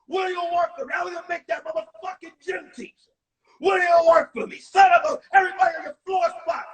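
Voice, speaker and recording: A man playing a loud, drunk, out-of-shape male gym teacher who yells and curses, exasperated, on a livestream. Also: very high-pitched, steady tone, unhurried, echoey room, voice pushed up. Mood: angry yelling. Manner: yelling, cursing, exasperated. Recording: distant mic on a phone livestream.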